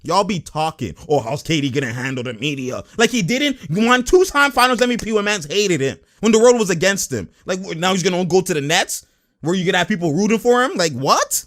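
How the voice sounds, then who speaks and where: Man vlogger, fired-up sports rant, high voice that swings wildly, lots of "man" and "yo". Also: animated, fairly quick, fairly bright tone. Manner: heated, emphatic, rhetorical questions, slangy. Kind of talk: casual basketball rant to camera.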